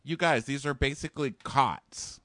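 A man casually recapping a reality show with a co-host, joking and doing quick silly voices of the cast. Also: medium pitch, no room sound, studio quality. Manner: animated, does jokey voices of reality-show people. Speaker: podcast co-host.

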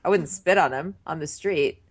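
A woman's voice: low voice, normal speed, breathy edge. A woman co-hosting a casual chat, amused and agreeable as she recaps scenes. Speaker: podcast co-host.

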